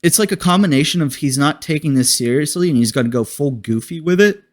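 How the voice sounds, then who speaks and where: A man's voice: a little high, animated, fast. A man hosting a casual podcast, reviewing a movie in a rambling, profane way and laughing often. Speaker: host.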